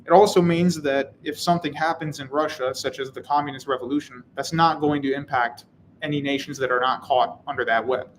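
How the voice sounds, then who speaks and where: A man's voice: mid-range voice, steady tone, brisk, slight background noise, rough recording. A man hosting a live stream, reading chat comments and answering in a casual, wry, rambling way. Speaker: channel host.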